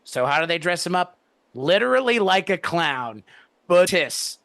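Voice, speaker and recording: A man co-hosting a podcast, reviewing a TV episode in animated, profane casual chat. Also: sits high, measured pace, creaky, dry recording. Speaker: podcast co-host.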